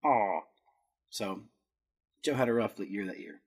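A man's voice: fairly low pitch, slow pace, breathy edge. A man hosting a podcast, walking through a footballer's career in casual talk, stumbling over Spanish words and poking fun at himself. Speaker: podcast host. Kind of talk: casual stats rundown.

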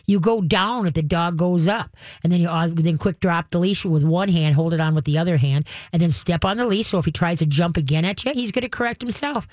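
A woman's voice: lowish voice, fairly quick, a little mellow, no room sound, studio quality. A woman hosting a call-in radio show, giving folksy, chatty advice on training pets and acting out little voices as she goes.

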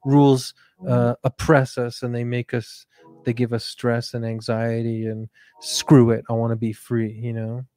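A man's voice: medium pitch, completely flat delivery, unhurried, mellow, no room sound, clean studio sound, lightly acted. A man doing a laid-back rebel fish. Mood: defiant. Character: male golden walking fish, rebellious and carefree.

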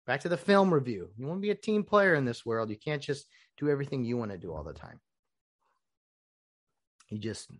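A man's voice: medium pitch, breathy edge. A man hosting a casual solo show, rambling and acting out the lines he quotes. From United States. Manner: rambling, animated, acts out quoted dialogue. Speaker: podcast host.

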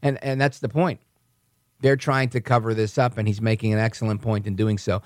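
Calm male political podcast host. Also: fairly low pitch, fairly quick, dry recording, clean studio sound. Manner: conversational, self-correcting, calm. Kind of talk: political commentary monologue.

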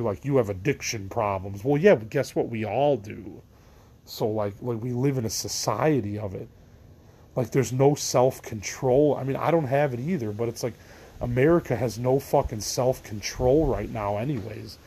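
Middle-aged man, husky voice, rambling solo podcast monologue, tired venting, trails off mid-sentence. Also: mid-range voice, dark tone. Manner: rambling, trails off, restarts, swears casually. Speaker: podcast host.

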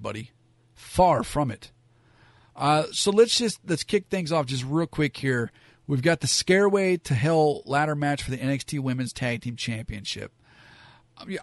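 A man's voice: on the high side, no echo. Rambling man sharing blunt opinions. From Southern California. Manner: rambling, frank, many fillers. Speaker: wrestling commentator. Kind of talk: casual opinion monologue.

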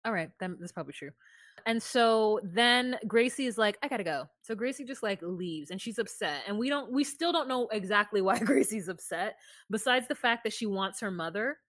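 A woman's voice: medium pitch, lively intonation, normal speed, a bit bright, dry recording, studio quality. A woman co-hosting a podcast, casually retelling reality show scenes and quoting the people in them. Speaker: podcast co-host. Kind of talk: casual recap chat.

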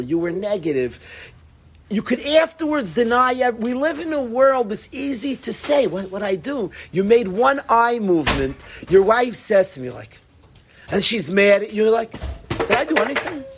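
A middle-aged man speaks as a rabbi before an audience, his voice pitched high and somewhat husky. He talks in a lively, conversational way, dropping Yiddish and Hebrew words into his sentences. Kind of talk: Torah talk to an audience.

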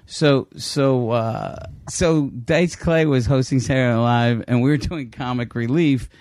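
A man's voice: mid-range voice, unhurried, a little mellow, dry recording, studio quality. A man in his fifties, a guest comedian, telling candid stories in casual conversation with self-mocking laughs.

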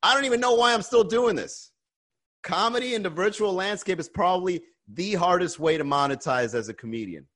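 A man's voice: sits high, animated, brisk, fairly bright tone. A man hosting a live-streamed comedy podcast, chatting loosely with viewers, swearing and ranting between laughs. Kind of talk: casual chat reading viewer comments.

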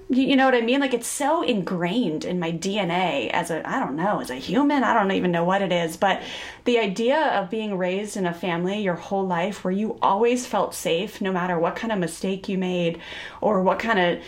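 Middle-aged woman podcast host, chatty and earnest, quick to laugh. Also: medium pitch. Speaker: podcast host and parenting educator. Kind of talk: casual podcast conversation.

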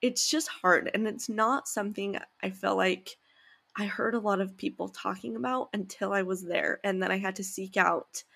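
A woman's voice: mid-range voice, normal speed, vocal fry, a bit bright. A woman in her thirties hosting a casual interview, gushing and emotional as she talks. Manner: emotional, gushing, tearful at times. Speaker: host.

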